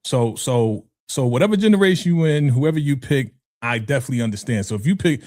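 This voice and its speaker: A man's voice: mid-range voice, expressive, fast, few pauses, a little mellow, no echo, clean studio sound. A man from New York co-hosting a podcast in casual chat, telling stories conversationally and often adding "you know what I'm saying". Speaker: podcast co-host.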